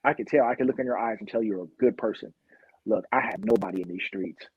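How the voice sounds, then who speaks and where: A man's voice: fairly low pitch, fast, breathy edge, dry recording, muffled recording. A man voicing a desperate young woman on the streets who pleads for protection in a confiding way. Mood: pleading.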